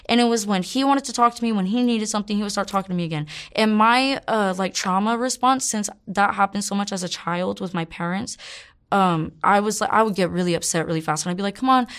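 A woman's voice: mid-range voice, fast, a bit bright. A woman in her twenties frankly telling her life story in an interview, rambling with many fillers and curse words. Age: 20s. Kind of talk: candid personal storytelling.

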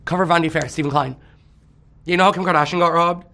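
A man's voice: on the high side, steady tone, quick pace, vocal fry, sharp tone. A man in casual celebrity gossip chat, campy and rambling, laughing often and breaking into song.

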